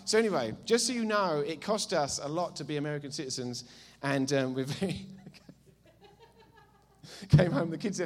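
A middle-aged man with an Essex English accent, preaching a sermon with jokey asides and loud bursts of enthusiasm. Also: fairly high pitch, lively intonation, a little fast. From England.

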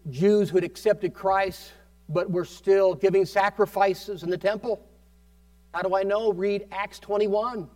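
A man's voice: high-pitched, darkish tone, no room sound, recorded from a distance. A man preaching a fervent sermon as pastor, often prompting the congregation with amen.

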